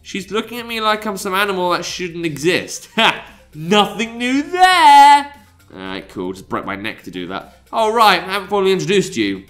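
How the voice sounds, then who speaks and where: Man, high and lively, reads a visual novel aloud and jokes, faint game music. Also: a little fast, few pauses. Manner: swings between reading lines aloud and joking asides, laughs often. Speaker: let's play host reading a visual novel aloud. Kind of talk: casual let's play commentary with read-aloud voices.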